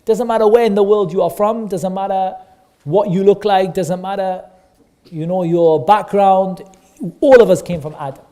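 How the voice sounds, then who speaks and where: Man telling a story to children, high and mellow. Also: normal speed. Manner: animated, repeats phrases for emphasis, asks the children questions. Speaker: teacher of a kids' class.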